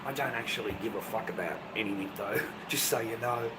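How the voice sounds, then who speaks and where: A man's voice: fairly low pitch, a little fast, few pauses, background noise. An Australian man rambling bluntly on his live stream, profane and dismissive, repeating himself and often dropping to a mutter.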